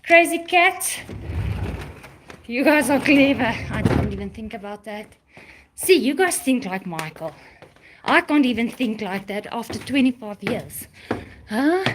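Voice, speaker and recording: A high-voiced woman talks casually to her viewers as she walks about, slow and a little out of breath. A faint noise sits behind her voice. She keeps up a chatty running commentary. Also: big pitch swings. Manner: chatty, talks to viewers while walking around. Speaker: vlogger. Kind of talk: casual live-stream chat.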